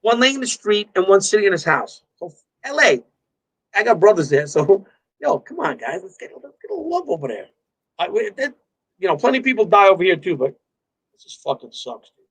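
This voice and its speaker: A man's voice: high voice, very animated, fairly quick, fairly bright tone, rough recording. Rambling, profane man on a video call. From New York. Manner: rambling, profane, laughs often. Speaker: guest musician. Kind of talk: casual livestream chat.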